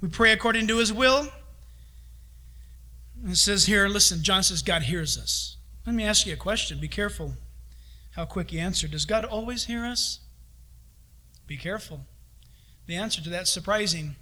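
Middle-aged man preaching; high, forceful, bright delivery, animated quotes. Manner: animated, acts out voices of God and his kids. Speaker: pastor. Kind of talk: sermon.

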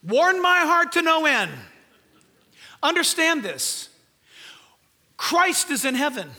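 An older male pastor preaching with a very high, nasal voice that rings bright and sharp. He drives home each point with earnest emphasis, rhetorical questions and flashes of humor. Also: sing-song, slow pace. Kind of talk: sermon.

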